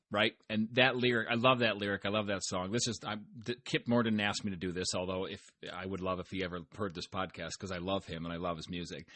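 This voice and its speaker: On his own podcast, a man who farms offers casual motivational talk in an upbeat manner, regularly speaking right to the listener. He has a mid-range, fairly bright voice.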